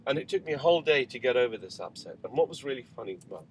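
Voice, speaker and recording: A man's voice: medium pitch, expressive, very fast, a little hiss or hum, rough recording. Man candidly telling a family story. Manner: frank, rambling storytelling with fillers and asides. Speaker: father recounting family life. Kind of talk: candid spoken diary monologue.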